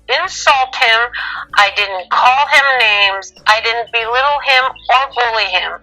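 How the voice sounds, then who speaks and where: A woman's voice: medium pitch, sharp tone, rough recording. A middle-aged woman, a mother, telling a family story in casual talk and acting out the voices of the people in it, with emotion.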